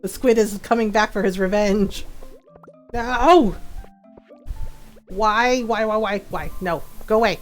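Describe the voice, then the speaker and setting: A woman streaming a video game live, reacting excitably and laughing often as she chats with viewers. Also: high-pitched, measured pace, long pauses, faint music behind. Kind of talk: live gameplay commentary.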